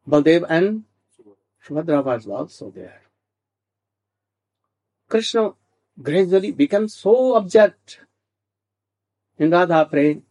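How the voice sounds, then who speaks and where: A man telling a devotional story slowly, with halting restarts and asides asking "hmm?". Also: on the high side, dark tone.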